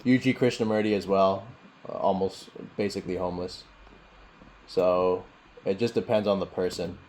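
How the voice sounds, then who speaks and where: A man with a very deep, low voice leads a meditation session and answers questions over a video call. He talks in a relaxed, rambling way and laughs often. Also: normal speed, a little hiss or hum. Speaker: meditation teacher. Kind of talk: casual teaching and Q&A.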